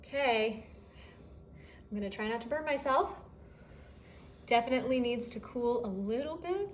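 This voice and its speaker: A woman's voice: on the high side, lively intonation, moderate pace, a little hiss or hum. A woman hosting a casual cooking demonstration in her home kitchen, chatty and enthusiastic as she talks to her partner off camera. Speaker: cooking show host.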